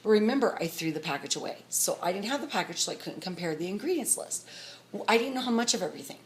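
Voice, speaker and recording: Fast-talking excitable middle-aged woman. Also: medium pitch, a little hiss or hum. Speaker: vlogger. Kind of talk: casual storytelling to camera.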